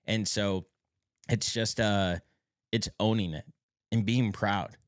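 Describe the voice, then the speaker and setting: A man's voice: lowish voice, fairly even intonation, takes it slowly, no room sound, clean studio sound. A man co-hosting a podcast, speaking with motivational passion in casual chat and swearing casually. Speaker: podcast co-host.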